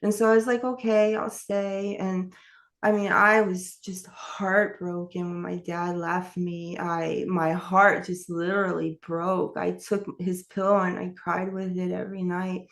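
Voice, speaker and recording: A woman's voice: fairly low pitch, level tone, unhurried, creaky, fairly bright tone. A woman telling her life story in an interview, candid and rambling, with many fillers and restarts. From New York. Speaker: author and interview guest.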